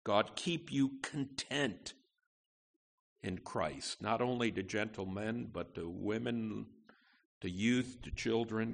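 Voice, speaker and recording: A man preaching a sermon as pastor, emphatic, with wide swings in pitch and loudness. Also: slow, gravelly.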